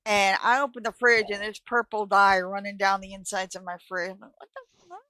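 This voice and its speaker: A woman's voice: mid-range voice, level tone, fairly quick, bright, forceful tone, no room sound, rough recording. A woman co-hosting a casual live stream chat from home, telling stories and swearing freely. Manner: chatty storyteller, swears freely. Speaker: co-host. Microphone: live stream call.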